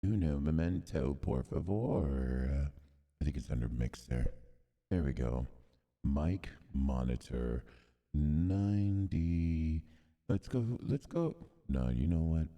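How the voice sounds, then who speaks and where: A man using a voice changer to sound like an evil, dark-voiced robot, speaking slowly and playfully. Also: in a large hall, heavily acted. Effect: deep robot voice changer.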